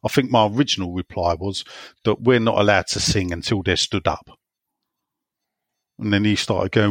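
A man's voice: fairly low pitch, steady tone, moderate pace, pauses often, dry recording. A man co-hosting a casual football podcast, blunt and mocking in his jokes. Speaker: podcast co-host.

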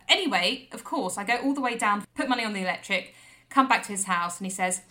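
A woman's voice: mid-range voice, animated, fast, sharp tone. A woman co-hosting a comedy podcast, telling a rambling anecdote with lots of voiced quotes. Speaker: podcast co-host. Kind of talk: comic storytelling chat.

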